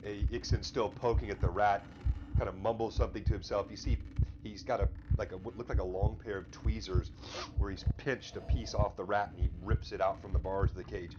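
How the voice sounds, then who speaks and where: A man narrating a tabletop game as game master, describing scenes with halting fillers. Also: fairly low pitch, steady tone, noisy background. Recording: dull lo-fi stream audio with music.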